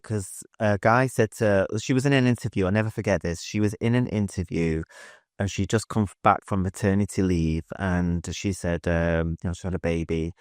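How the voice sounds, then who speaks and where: A man's voice: sits low, steady tone, normal speed, a little mellow, no echo, clean studio sound. A man as a podcast guest, telling a personal story earnestly, with hesitations and fillers. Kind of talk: casual interview chat.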